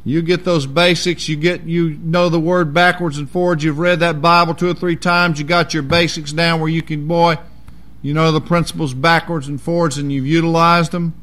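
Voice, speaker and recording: A man's voice: on the high side, level tone, normal speed, a bit bright. A man preaching a sermon in a folksy, emphatic way.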